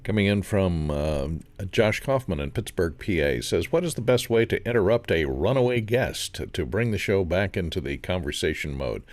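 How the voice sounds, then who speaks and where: A man on a video call reading out audience questions in a measured way. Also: sits low, animated, no room sound.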